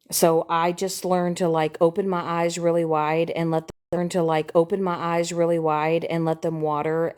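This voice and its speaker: A woman chatting casually on a livestream, repeating herself and sliding from soft mutters into sudden high squeals. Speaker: TikTok live streamer. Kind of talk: casual rambling chat.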